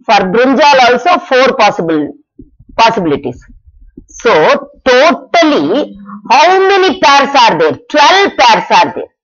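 A woman explains a math lesson at an unhurried pace, her pitch rising and falling a great deal. She asks her own questions and answers them, repeating each step for the class. The recording sounds dull and lo-fi. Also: sing-song, fairly bright tone. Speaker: math teacher.

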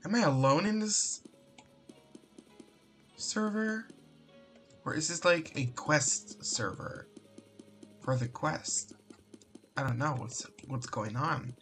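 Soft music plays behind this Roblox streamer, whose mid-range, slightly bright voice is slow and pause-filled. The channel host offers casual gameplay commentary, mumbling and frequently trailing off into exasperated exclamations and swearing.

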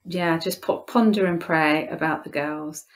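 A woman's voice: sits low, measured pace. A woman with an English accent, a guest in an interview, telling a heartfelt personal story with frequent restarts. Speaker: interview guest, youth leader. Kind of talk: conversational interview.

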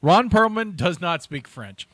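A man's voice: a little high, a bit bright, no echo. Chatty man reading out movie trivia. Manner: chatty, restarts sentences, laughs at his own asides. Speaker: podcast co-host sharing movie trivia. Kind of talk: casual podcast chat.

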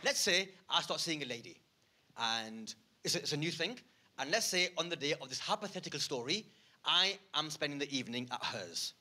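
Bright-voiced stand-up comedian. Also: male voice, on the high side, a little fast, some chatter behind. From United Kingdom. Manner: animated, swings from muttered asides to loud rants. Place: theatre stage.

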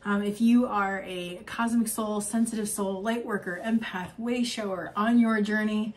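Young woman doing an oracle card reading, gushy and rambly, keeps laughing, normal pitch. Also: steady tone, measured pace, few pauses. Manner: effusive, rambling, with frequent laughs and fillers. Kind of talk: spiritual card reading monologue.

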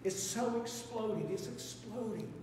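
Man, Appalachian accent, pastor preaching, high voice, distant mic, long hall reverb. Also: unhurried, background noise. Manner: preaching with rising fervor, repetitive exhortations. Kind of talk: sermon. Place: church sanctuary. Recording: echoey church hall, mic from afar.

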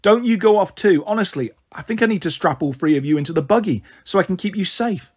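A man's voice: sits high, animated, fast talker, slightly rough. A man voicing an anxious, caring older girl. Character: responsible older girl minding younger siblings.

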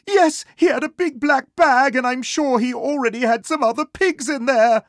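A storybook reader voicing a fussy, panicky male pig in a shrill, squealing voice. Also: normal speed, no echo, studio quality, close to an everyday voice. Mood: panicked. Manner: squealing, frantic. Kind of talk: storybook reading.

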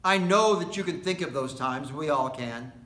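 A pastor preaching a sermon, slow and deliberate, with long pauses and emphatic repetition of key words. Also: male voice, fairly high pitch, expressive, fairly bright tone, roomy sound. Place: indoor worship space at a retirement community.

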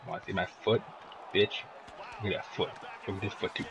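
A man's voice: fairly low pitch, level tone, a little fast, long pauses, slightly rough, some chatter behind. A young man commentating his own fighting-game match, swearing and joking at the computer opponent. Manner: loud, profane, jokey trash talk at the game. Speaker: gaming video host. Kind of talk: profane gameplay commentary.

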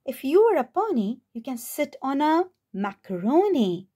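A woman's voice: sits high, big pitch swings, measured pace, dark tone. A woman voicing a cheerful male dog who playfully teases, in a children's picture book reading. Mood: teasing. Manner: playful, teasing.

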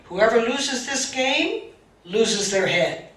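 A woman's voice: a little high, expressive, slow pace, a bit bright. A woman voicing a commanding old abbot. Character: calm, commanding male monastery abbot. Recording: roomy, distant mic, faint hiss.

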